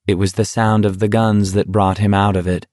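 A man reading an audiobook in steady, measured scripted narration. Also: on the low side, no echo, studio quality.

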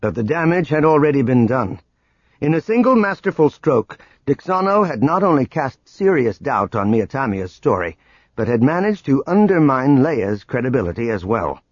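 A man narrating an audiobook in an expressive way, voicing every character himself. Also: medium pitch, normal speed, slightly rough, no room sound, lo-fi sound. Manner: expressive, performs all the characters. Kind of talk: scripted narration.

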